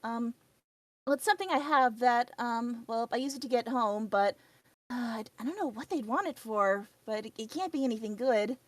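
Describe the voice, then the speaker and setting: A woman's voice: a little high, normal speed, no room sound, lightly acted. A woman voicing a timid, polite young female rabbit who stammers nervously in a tabletop game. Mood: worried.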